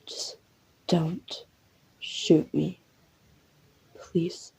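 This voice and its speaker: A woman's voice: lowish voice, flat delivery, moderate pace, vocal fry, mellow, a little hiss or hum. A woman voicing a stubborn, mocking younger sister who swears a lot in an audio role-play. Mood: pleading.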